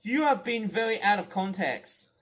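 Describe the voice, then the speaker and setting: A man on a rant, scolding at a shout and then rambling, with many repeated words and restarted sentences. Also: high-pitched, lively intonation, moderate pace. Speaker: commentary ranter. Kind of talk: angry rant over stream footage.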